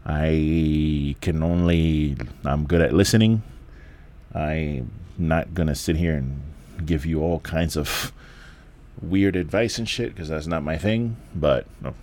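A man's voice: rumbling low, slow pace, a little mellow. A man, hosting a candid solo podcast from home in a laid-back, rambling, profane way with lots of restarts. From the Bronx, New York. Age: 40s. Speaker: podcast host.

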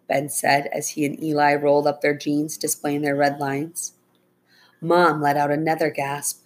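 A woman narrating a children's story aloud in an even, plain storytelling manner. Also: low voice, unhurried.

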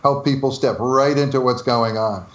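A man's voice: medium pitch, moderate pace, roomy sound, highs cut off, a little hiss or hum. A man from New Jersey telling stories as an interview guest, laughing often and acting out the dialogue he quotes. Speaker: interview guest, former game developer. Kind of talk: casual storytelling interview.

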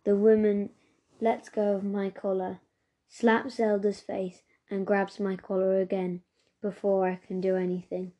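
A woman reading a novel aloud in a steady, even storytelling manner. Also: mid-range voice, unhurried. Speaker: reader.

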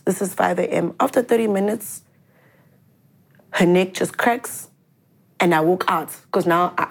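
Earnest woman telling a story. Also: medium pitch. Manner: earnest, halting, mixes English and isiZulu phrases. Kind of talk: personal storytelling in conversation.

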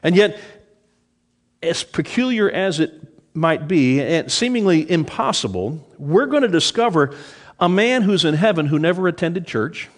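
A middle-aged man preaching a sermon, lively in delivery, dropping low and soft when quoting scripture. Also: measured pace. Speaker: pastor.

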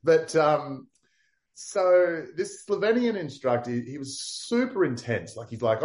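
A man from far north Queensland with an Australian accent, telling a story as an interview guest in a lively, casual way, full of "like" and acted-out quotes. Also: a little high, unhurried. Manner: animated, acts out quotes, many "like" fillers.

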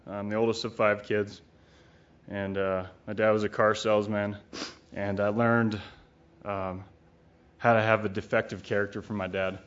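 Man, middle-aged, low voice, monotone, blunt profane recovery talk, dull lo-fi recording. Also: normal speed, clear, resonant tone. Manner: blunt and profane, rambling with many fillers. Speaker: speaker at a recovery retreat. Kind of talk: candid personal recovery talk.

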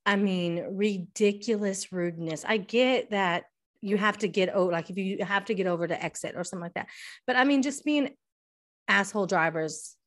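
A middle-aged woman, a podcast co-host in casual chat, telling an animated story, swearing freely and restarting often. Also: medium pitch, moderate pace.

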